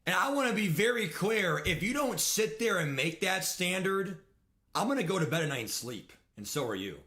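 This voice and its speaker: A man's voice: high voice, very animated, moderate pace, pushed and bright. A young man streaming a football video game, ranting and swearing in frustration as he plays. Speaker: gaming streamer. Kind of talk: live game commentary rant.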